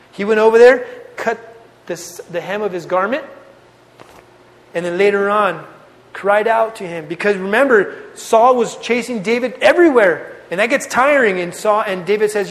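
A man's voice: high-pitched, moderate pace, a bit bright. A man preaching a youth sermon in an earnest, conversational way, often repeating phrases for emphasis. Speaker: youth pastor. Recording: long reverb of a hall.

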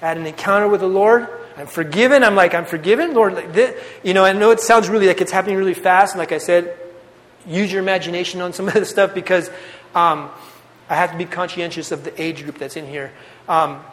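A young man giving a casual, animated testimony to a youth group, telling his story with slang. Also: high voice, brisk. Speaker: youth speaker. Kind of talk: testimony sermon. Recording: long hall reverb.

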